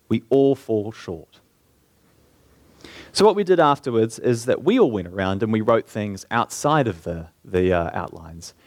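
A man preaching a sermon in an earnest way, slowing down and lifting his voice to stress key points. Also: medium pitch, a little mellow, no room sound. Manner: earnest, slows down and lifts his voice for emphasis.

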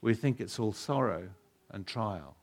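A man with a fairly low voice gives a sermon, reading a long story passage aloud before drawing a lesson from it. His delivery is earnest and measured, in an even storytelling manner. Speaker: pastor.

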